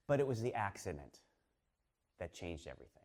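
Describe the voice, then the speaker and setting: Speaking from a stage to a live audience, a man in his fifties from around Boston recounts a personal story with animated chattiness and frequent fillers and restarts. He has a deep voice and goes a little fast.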